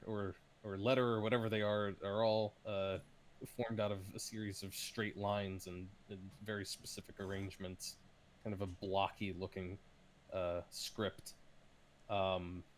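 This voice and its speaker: Slow, hesitant game master, a man. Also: fairly low pitch. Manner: hesitant, with many ums and uhs. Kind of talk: narrating a tabletop game.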